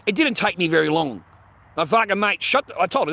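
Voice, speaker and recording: Middle-aged male streamer, high bright voice, profane blunt ranting monologue. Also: expressive, brisk, creaky. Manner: crude, profanity-heavy, blunt. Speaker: livestreamer.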